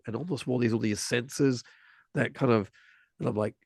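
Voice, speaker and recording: Gravelly-voiced man in his forties, rambling. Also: mid-range voice, steady tone, moderate pace, darkish tone, dry recording. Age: 40s. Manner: rambling, many restarts, vivid retelling. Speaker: father telling a story. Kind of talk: casual storytelling conversation.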